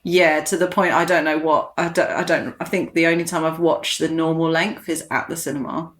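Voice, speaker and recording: Chatty woman, low-pitched. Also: steady tone, brisk. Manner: chatty, enthusiastic film fan. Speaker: guest. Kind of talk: casual podcast chat.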